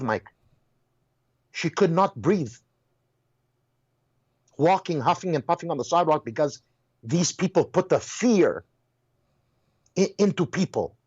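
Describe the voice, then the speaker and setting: A man's voice: a little high, slightly rough, no room sound, lo-fi sound. A man talking as a guest in a heated casual conversation, telling stories emphatically and restarting his words often. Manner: animated storyteller, repeats and restarts words, exclaims.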